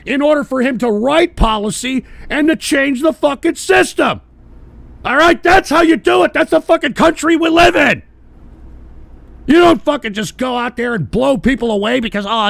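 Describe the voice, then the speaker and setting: Older male radio host, high gravelly voice, profane angry rant, dry close sound. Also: no echo. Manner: angry, profane, shouting at times. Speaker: podcast host.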